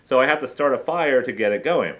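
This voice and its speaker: A man's voice: mid-range voice, lively intonation, brisk, highs cut off. A man rambling through a casual travel vlog, swearing freely and telling self-deprecating stories about his camping trip with his family. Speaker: vlogger.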